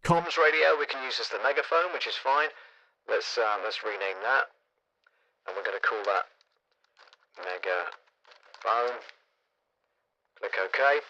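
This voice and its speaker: A man's voice: mid-range voice, a little slow, long pauses, sharp tone. A man talking through a megaphone radio effect, chatty and thinking aloud. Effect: megaphone radio filter. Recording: dull radio-filtered sound.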